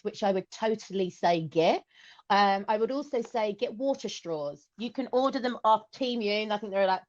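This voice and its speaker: A chatty woman with an English accent talks casually on a podcast, explaining step by step and filling pauses with "okay" and "um." Her voice sits at a middling pitch, and the recording sounds a little dull and lo-fi. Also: darkish tone. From England. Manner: chatty, explains with lots of okays and ums. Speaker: guest.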